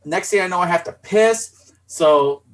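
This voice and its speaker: A middle-aged man co-hosting a podcast, telling a rowdy story in a casual, profane and animated way. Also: high-pitched, a little slow. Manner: animated, profane, acts out his own voice in quotes. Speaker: podcast co-host.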